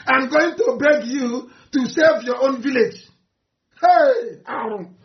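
Nigerian man, high voice, impassioned activist speech, heckling tone, roomy muffled take. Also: takes it slowly. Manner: fiery, mocking, swings from shouting to low muttering. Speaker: activist leader addressing supporters. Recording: roomy, dull lo-fi recording.

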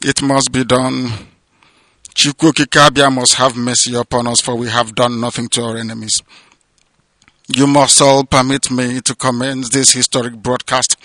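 A man delivering an impassioned political radio address, declamatory and sermon-like, swinging between loud proclamations and hushed emotional passages. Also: medium pitch, fairly even intonation, unhurried, dry recording. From southeastern Nigeria. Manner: repetitive, sermon-like cadence. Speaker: radio broadcaster and movement leader. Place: abroad, away from home.

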